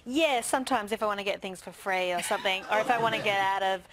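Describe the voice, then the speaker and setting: A woman's voice: mid-range voice, quick pace, noisy background. An Australian woman guest co-hosting a TV show, playful and self-mocking in casual chat. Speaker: guest co-host.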